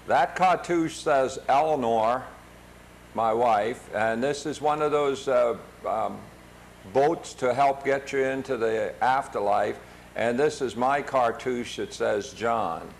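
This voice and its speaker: An older man from the United States narrating his travel photos casually, with many pauses, fillers and restarts. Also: medium pitch, creaky, a little hiss or hum.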